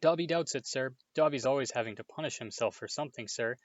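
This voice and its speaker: A man voicing a small, excitable, servile male house elf with a high-pitched, tearful, overly humble manner. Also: fast, dry recording, close to an everyday voice. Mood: fearful. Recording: dull, dry home recording.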